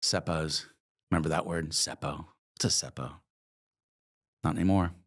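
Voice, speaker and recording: Middle-aged man with a deep voice, relaxed interview guest who tells stories and plays out every line of dialogue himself. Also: normal speed. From Oregon, USA. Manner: vivid anecdotes, acts out dialogue, casual swearing. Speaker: interview guest, coffee entrepreneur. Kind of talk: conversational storytelling.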